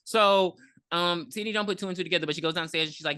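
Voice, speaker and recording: A woman retells a movie scene by scene in casual podcast chat, swearing freely and jumping into the characters' lines. Her tone is bright and forward. The sound is dry and close. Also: sits low, lively intonation, fast, no room sound. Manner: rambling, profane, with frequent ums and acted-out quotes. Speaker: podcast co-host.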